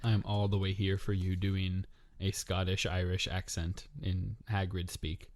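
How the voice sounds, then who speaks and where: A man's voice: sits low, flat delivery, measured pace, a little mellow, no room sound. A man co-hosting a casual podcast book discussion, teasing his partner with dry humor and steering the talk with questions. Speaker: podcast co-host.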